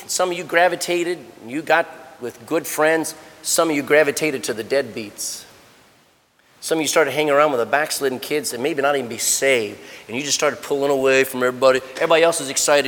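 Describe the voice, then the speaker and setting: Animated preacher man in a reverberant hall. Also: a little hiss or hum. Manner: animated, swings from low murmurs to loud exhortation. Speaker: preacher at a youth camp. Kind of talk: sermon.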